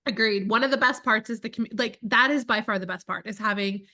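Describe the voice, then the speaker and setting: A woman in her thirties co-hosting a podcast, chatting casually and telling animated stories with lots of fillers. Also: a little high, fast. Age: 30s. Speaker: podcast co-host. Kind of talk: casual chat.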